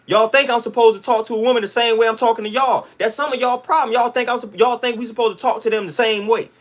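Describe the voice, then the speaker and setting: A man's voice: very high-pitched, fairly even intonation, fast. A man hosting a livestream, ranting to his chat in an emphatic, blunt, slang-heavy way that keeps repeating its points. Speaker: livestream host.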